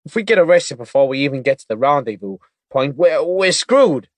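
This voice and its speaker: A man's voice: fairly high pitch, big pitch swings, brisk, no room sound, voice pushed up. A sarcastic, tough-talking male federal agent who mocks his partner bluntly, as a male audiobook narrator does him. His voice sits a little above the narrator's own and swings with expression. Dry, close sound. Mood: scolding. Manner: blunt and mocking.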